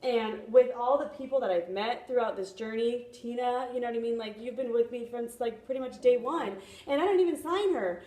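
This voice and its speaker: A woman's voice: fairly high pitch, brisk, few pauses, mellow. A young woman giving a chatty motivational talk at a sales training meeting, often checking in with "you know what I mean?". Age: young adult. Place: meeting room. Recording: echoey room.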